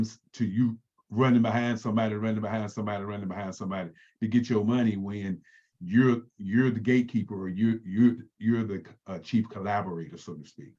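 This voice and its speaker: A man joins a group discussion to offer measured advice, pausing and restarting as he goes. His voice is fairly low, and the audio comes through dull and muffled. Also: darkish tone. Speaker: workshop participant.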